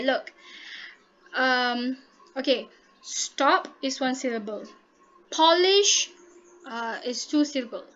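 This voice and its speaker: A woman's voice: high voice, a bit bright. A woman teaching a grammar lesson, patiently repeating rules and checking understanding with frequent "okay?". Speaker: English teacher. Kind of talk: online classroom lesson. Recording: dull lo-fi audio.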